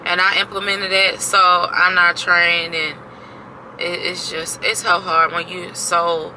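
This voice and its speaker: A woman's voice: on the low side, level tone, slow, noisy background. A woman in her thirties casually venting to her camera, exasperated and emphatic, repeating herself and swearing freely. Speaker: vlogger.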